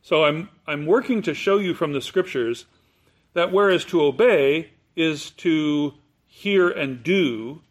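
A man preaching a sermon, explaining scripture word by word in a deliberate, emphatic teaching manner. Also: fairly high pitch. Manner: slow, deliberate, explanatory, stresses key words.

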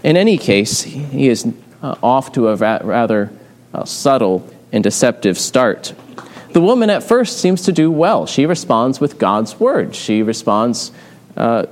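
Man preaching a measured, explanatory sermon. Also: mid-range voice, expressive. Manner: measured and explanatory, with frequent "uh" pauses. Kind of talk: expository sermon.

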